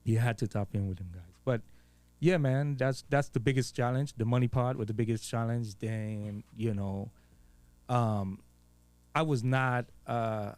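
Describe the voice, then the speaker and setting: A man's voice: medium pitch, steady tone, unhurried, a little mellow, clean tone, dry recording. Laid-back Virgin Islands man, dry sound. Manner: laid-back, street slang, frequent swearing and fillers. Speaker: guest DJ. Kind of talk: casual interview chat.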